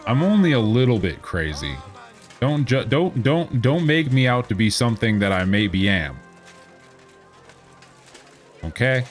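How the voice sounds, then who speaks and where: Man, 30s, streamer, casual gameplay commentary, sarcastic, profane, medium pitch. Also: very animated, a little slow, pauses often, soft background music.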